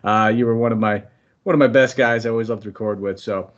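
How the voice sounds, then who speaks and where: A man's voice: lowish voice, steady tone, fast, muffled recording. A man hosting a podcast, upbeat and chatty, running through sports analysis and sometimes tripping over names. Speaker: podcast host.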